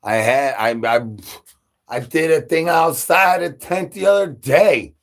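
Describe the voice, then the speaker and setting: A man's voice: fairly high pitch, measured pace. A man delivering absurd comedy, rambling through nonsense with rhyming wordplay and stutters. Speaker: comedy channel creator.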